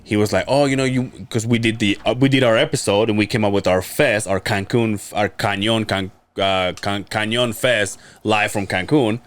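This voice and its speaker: A man's voice: on the low side, steady tone, moderate pace, hardly any pauses. A man co-hosting a casual podcast, telling stories in a rambling way with frequent laughter and stumbles. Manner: rambling, laughs often, stumbles over words. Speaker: podcast co-host. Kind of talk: casual chat.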